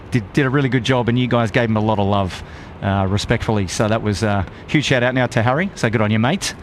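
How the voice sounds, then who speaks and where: A man with an Australian accent hosting a live stream outdoors, reading out viewer shout-outs in a friendly, upbeat way. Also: on the low side, a little fast, a little hiss or hum. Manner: upbeat, friendly, lots of "g'day, mate". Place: outdoors at an airport plane spotting spot.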